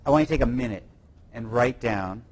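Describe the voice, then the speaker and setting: A man's voice: medium pitch, fairly quick. A man from Britain co-teaching a live class, bantering with his partner and guiding the students. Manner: playful, bantering, gives instructions to the class. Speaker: co-presenter of a course.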